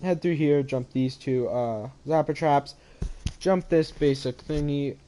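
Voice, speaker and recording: A man's voice: a little high, unhurried, warm tone. A young man casually walking through his own game maps, rambling, with a yawny, sleepy manner, on a headset microphone. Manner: rambling, sleepy, yawning and apologizing. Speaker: gaming channel host. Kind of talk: casual game map walkthrough. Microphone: head-mounted microphone.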